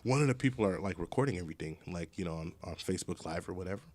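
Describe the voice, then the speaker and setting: A man telling a story on a casual podcast, loud and animated and quick to curse. He slips into other people's voices as he talks. The room sounds dry and close. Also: low voice, dry recording. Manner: animated storyteller, swears, acts out quotes. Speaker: podcast host.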